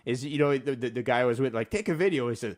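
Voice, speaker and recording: A man's voice: medium pitch, fast talker. A man guest on a podcast, chatting casually and rambling through his stories with lots of fillers. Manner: lively, rambling talker with many fillers.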